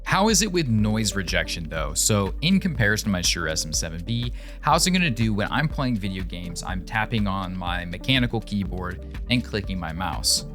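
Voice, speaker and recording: A man with a fairly low, slightly nasal voice reviews gear in a casual, upbeat way. He chats easily and drops joking asides, with faint music under him. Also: big pitch swings, moderate pace, hardly any pauses. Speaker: tech reviewer. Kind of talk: casual product review to camera.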